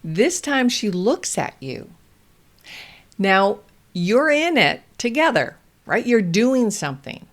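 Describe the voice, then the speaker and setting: A woman hosting a parenting show, giving calm, deliberate instructional advice to parents. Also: mid-range voice. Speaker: parenting host.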